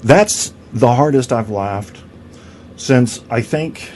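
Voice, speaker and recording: A man's voice: mid-range voice, slow, a little mellow, slight background noise. A man hosting a podcast in a crude, rambling comedic rant, swearing and stammering through restarts. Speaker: podcast host.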